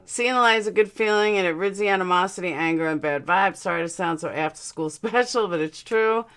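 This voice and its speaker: Brisk and smooth, with a fairly low, somewhat bright voice, this livestream host talks casually and bluntly while reading messages from her chat. Her dental aligners give her a slight lisp.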